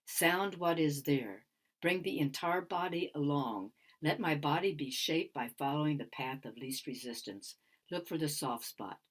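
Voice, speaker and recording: Low, husky woman teaching sound healing. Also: expressive, unhurried. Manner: musing, repetitive, drops into whispers. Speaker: sound healer giving a talk. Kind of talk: conference talk.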